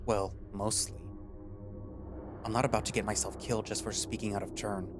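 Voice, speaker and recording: A man's voice: on the low side, level tone, normal speed, music in the background. A man reading a story aloud in first-person narration. In his recaps between chapters he rambles loosely and fills gaps with fillers. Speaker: story reader.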